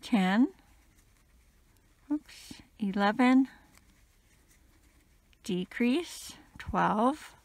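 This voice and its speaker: A woman teaching a crochet pattern, counting stitches out loud, her voice a little crackly today. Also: on the high side, no echo. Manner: slow, steady counting. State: slightly crackly voice. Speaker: crochet instructor.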